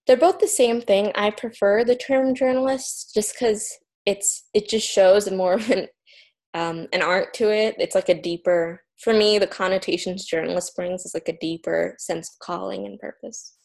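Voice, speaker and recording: A woman's voice: mid-range voice, steady tone, moderate pace, creaky, a little mellow. A woman guest in an interview, talking about her work with earnest, upbeat energy. She stumbles into fillers and restarts now and then. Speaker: author and journalist guest. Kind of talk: promotional interview talk.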